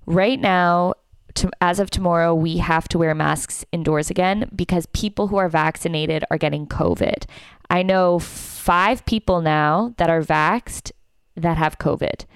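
Animated young woman telling a story. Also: lowish voice, a little slow, clean tone, no room sound, studio quality. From Canada. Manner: animated, acts out quotes. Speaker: comedian and podcast co-host. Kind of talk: casual podcast storytelling.

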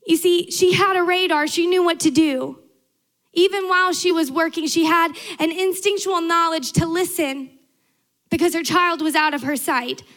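Casual: young woman giving a sermon, high-pitched, earnest, leans on repetition. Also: fairly even intonation, normal speed, fairly bright tone. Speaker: preacher.

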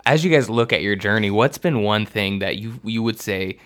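A man's voice: on the low side, normal speed. A man hosts a conversational interview. His questions wander and he corrects himself along the way. He laughs at his own slips. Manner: warm, rambling questions with self-corrections and laughs.

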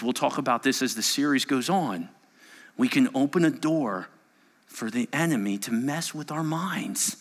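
A man preaching a sermon as pastor, animated, swinging between loud emphasis and hushed asides. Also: mid-range voice. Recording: long hall reverb.

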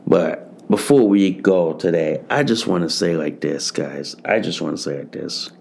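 A man's voice: sits low, a little slow, vocal fry, a little mellow, a little hiss or hum. A man hosting a solo podcast, talking to his listeners as "guys" and repeating his phrases with lots of swearing. He sounds tired. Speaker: podcast host.

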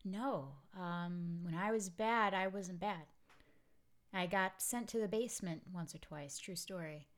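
A woman's voice: lowish voice, unhurried. A woman hosting a podcast, telling a family story in a rambling, casual way full of fillers and asides. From Pennsylvania. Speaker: podcast host.

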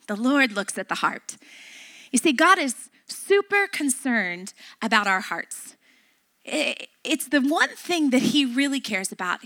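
Woman pastor, high voice, bright tone, animated storytelling sermon. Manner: animated storyteller, acts out dialogue.

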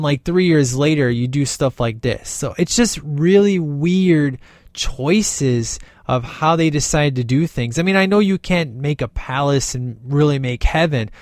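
Male film reviewer, casual and chatty, fairly high voice, filler-heavy, dead-dry sound. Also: dry recording. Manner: rambling and enthusiastic, many fillers.

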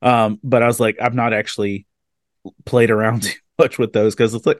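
A man with a mid-range voice hosts a podcast interview in a relaxed, chatty way. He tells his own stories with excitable, animated energy. The sound is dry and close, with no room echo. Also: mid-range voice, moderate pace. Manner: animated storyteller, casual and excitable. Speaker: podcast host. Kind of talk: casual interview chat.

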